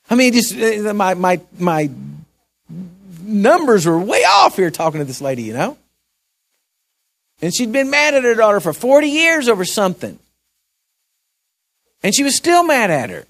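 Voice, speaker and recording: A man preaching a sermon to his church, earnestly moving between hushed storytelling and raised exhortation, often repeating words as he presses a point. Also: high voice, very animated, normal speed, long pauses. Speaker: pastor.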